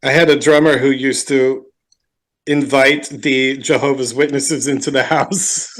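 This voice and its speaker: A man's voice: mid-range voice, fairly even intonation, a little slow, a bit bright. A man on a remote call telling a short, amused anecdote in casual chat. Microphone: remote call, headphones failed.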